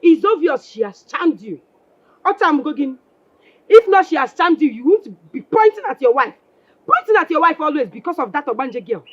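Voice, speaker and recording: Scornful Nigerian wife. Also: female voice, high-pitched, big pitch swings, normal speed, dull audio. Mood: taunting. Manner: taunting and sarcastic. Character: bitter scornful wife who resents her husband's niece. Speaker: actress. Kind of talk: Nollywood film acting.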